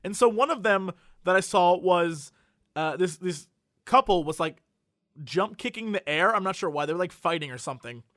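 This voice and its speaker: A man's voice: high voice, normal speed, no echo, studio quality. A man co-hosting a podcast, telling stories in casual chat with frequent laughter. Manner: animated storytelling, laughs often. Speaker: podcast co-host.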